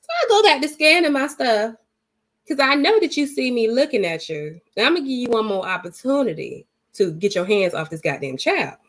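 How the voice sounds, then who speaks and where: A woman vlogger telling a story in a casual, blunt and emphatic way, swearing freely and retelling it dramatically. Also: a little high.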